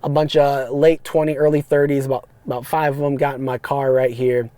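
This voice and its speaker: A man, hosting a podcast and telling rambling, animated stories about his rideshare driving. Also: mid-range voice, a little fast, no room sound. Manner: animated, rambling, frequent restarts and fillers. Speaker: podcast host, rideshare driver. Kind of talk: casual storytelling monologue. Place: parked car.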